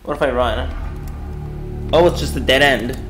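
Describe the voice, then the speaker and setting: A man commentating a horror game he is playing, jumpy and excitable, yelping and screaming at scares, his throat dry from yelling. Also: mid-range voice, moderate pace, soft background music. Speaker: gaming YouTuber. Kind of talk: horror let's play commentary.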